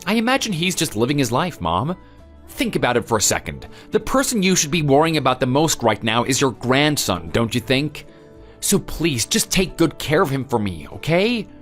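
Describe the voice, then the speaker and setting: A man's voice: mid-range voice, very animated, moderate pace, a bit bright, faint music behind. A man voicing a defensive, exasperated husband and son.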